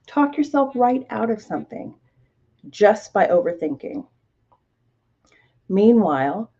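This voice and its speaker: A woman hosting a self-help podcast as a life coach, speaking deliberately and emphatically and repeating key phrases. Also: on the low side, a little mellow, lo-fi sound. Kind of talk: motivational self-help talk.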